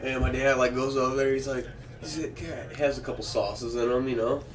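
A man's voice: medium pitch, flat delivery, a little fast. A man telling a rambling story in casual podcast chat. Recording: distant mic, noisy room.

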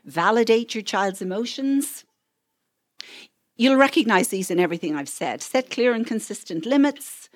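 A woman's voice: on the high side, lively intonation, normal speed, no echo, clean studio sound. A woman counselor giving a parenting talk, telling stories and acting out what parents and children say, with frequent "right?" asides.

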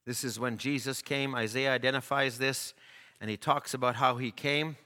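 A man preaching a sermon, impassioned and building to shouts at the climaxes. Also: mid-range voice, fairly even intonation, moderate pace, long reverb tail.

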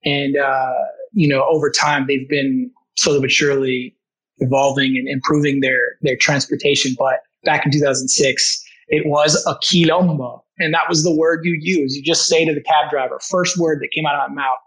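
Husky-voiced man, animated storyteller. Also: a little high, moderate pace, low-quality recording. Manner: enthusiastic, many restarts, acts out quoted voices. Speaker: language teacher, guest. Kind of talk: casual conversational storytelling.

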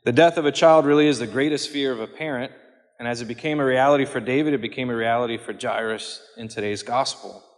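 Earnest man preaching in a reverberant hall. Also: medium pitch. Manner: measured and earnest, slowing for quoted words. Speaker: priest. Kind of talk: homily on scripture.

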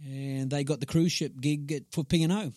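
A man, a comedian, telling stories in a casual interview, animated and laughing often as he acts out voices. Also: a little high, moderate pace, no room sound, clean studio sound. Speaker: comedian guest.

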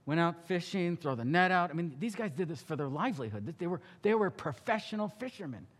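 A male pastor preaching a sermon, telling the story with animated acting-out of characters. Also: fairly high pitch, fairly quick, long reverb tail.

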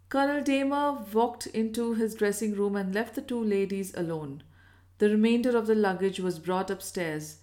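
A woman reading a classic Victorian story aloud as an audiobook narrator, in a measured and even manner. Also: mid-range voice. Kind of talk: scripted narration.

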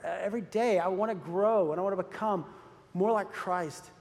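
A man's voice: high-pitched, normal speed, a little mellow. A man preaching a sermon as pastor, earnest and urging, repeating phrases for emphasis. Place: church sanctuary. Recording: long reverb of a large hall.

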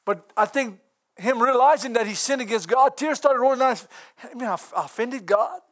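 High-voiced man preaching with chuckles. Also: brisk, a bit bright. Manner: chuckling often, folksy and earnest. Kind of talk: sermon.

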